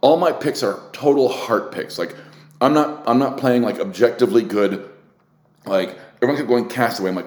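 A man's voice: fairly low pitch, fairly quick, a little mellow, reverberant. A man hosting a casual solo podcast, talking candidly and rambling with restarts, swearing often and getting worked up. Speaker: podcast host.

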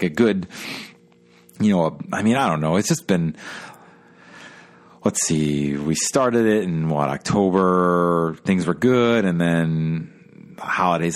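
A tired man hosting a casual solo podcast, rambling and swearing as he complains about his week. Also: low-pitched. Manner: rambling, weary and profane, sighing complaints. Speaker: podcast host.

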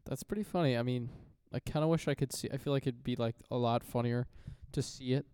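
Male podcast co-host, smooth warm voice, dry jokey asides. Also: mid-range voice, a little fast, dry recording. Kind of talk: casual podcast chat.

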